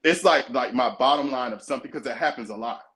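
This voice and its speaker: A podcast co-host talks earnestly and emphatically in casual conversation, acting out the voices of people he quotes. His medium-pitched voice is fast and a bit bright.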